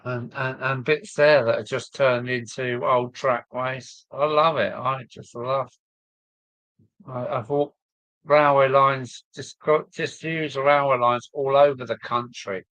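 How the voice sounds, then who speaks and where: Slow-talking older southern English man. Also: mid-range voice, fairly even intonation, fairly bright tone, no room sound. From southern England. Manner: rambling, chuckling, reading viewer comments aloud. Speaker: model railway live streamer. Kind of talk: casual live-stream chat. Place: home loft.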